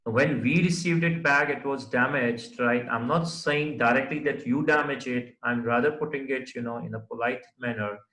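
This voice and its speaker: A mid-range male voice, pushed and bright, moves at a normal speed with few pauses while explaining formal letter writing one step at a time. He writes on the board, fills his speech with fillers, and often asks "right?" The classroom lecture recording is reverberant and low quality.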